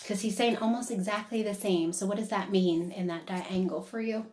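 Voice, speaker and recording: Woman medium giving a conversational reading; chatty, animated quoting, recorded in a reverberant room. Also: medium pitch, fairly quick. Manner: chatty, relays quotes in lively bursts with frequent laughs. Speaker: psychic medium. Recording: echoey room.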